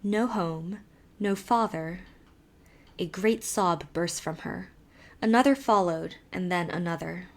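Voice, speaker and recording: An audiobook narrator, a woman with a voice on the low side, reads a classic novel in a measured, expressive style as scripted narration.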